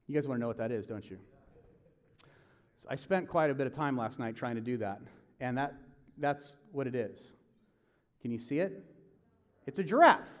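A man's voice: mid-range voice, lively intonation, moderate pace, pauses often. A man in his thirties preaching a sermon in a casual, conversational way, acting out the voices he quotes. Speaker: pastor. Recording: long hall reverb.

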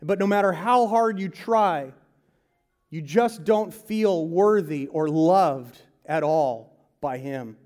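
A man delivers a sermon in a rather high voice, taking his time over the words. He swings between loud, emphatic stretches and hushed, quiet ones, and drops into quick mimicry of pushy salesmen and advisers. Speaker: pastor.

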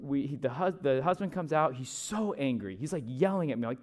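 A young man, a pastor, telling a chatty, animated story from the pulpit, with asides to the listeners. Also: medium pitch, fairly quick. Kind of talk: storytelling sermon.

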